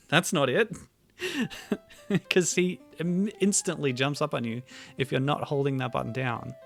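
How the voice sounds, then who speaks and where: A man hosting a game stream in a relaxed, chatty way, thinking aloud and laughing often. His middle-pitched voice has a gravelly, creaky edge. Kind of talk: casual livestream chat.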